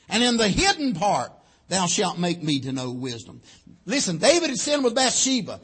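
Male preacher, high husky voice, preaches with big swings from shouting to hushed. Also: big pitch swings, a little fast. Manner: swings from loud shouting to low and quiet, punctuated with amen. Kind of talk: sermon.

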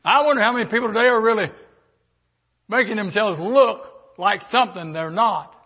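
Older preacher guy, high voice, goes quiet then shouts, muffled old recording. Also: moderate pace, breathy edge. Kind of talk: sermon.

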